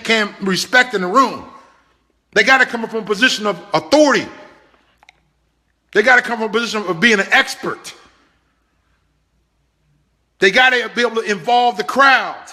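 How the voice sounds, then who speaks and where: A man giving a motivational business talk, animated and pleading, repeating himself for emphasis. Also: high-pitched. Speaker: business trainer.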